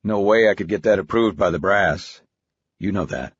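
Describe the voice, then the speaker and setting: In an audiobook, a man with a low, breathy-edged voice plays a crude, ruthless middle-aged bank executive, speaking at normal speed in a blunt, profane, curt, hard-nosed way. The audio is dry, slightly dull studio sound with no room sound.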